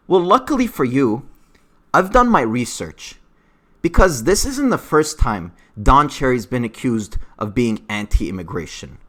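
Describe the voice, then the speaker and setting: A man's voice: mid-range voice, very animated, unhurried. A man giving an unscripted, emotional opinion rant about hockey, growing heated. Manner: heated, emotional, rising to shouting. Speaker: hockey commentary vlogger.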